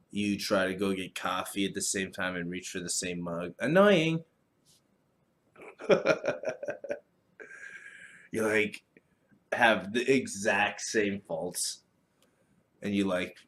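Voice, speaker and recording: Deep-voiced man ranting on a podcast. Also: a little hiss or hum. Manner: profane, rambling, animated storytelling. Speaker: podcast host. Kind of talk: casual solo podcast rant.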